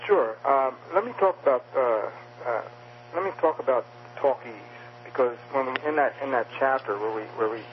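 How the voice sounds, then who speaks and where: A man's voice: medium pitch, normal speed. A man is interviewed as an author and explains communication skills. He speaks hesitantly, often stopping and restarting his sentences. The recording sounds dull and muffled, with a faint hum beneath it. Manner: hesitant, many restarts and fillers. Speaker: author and guest.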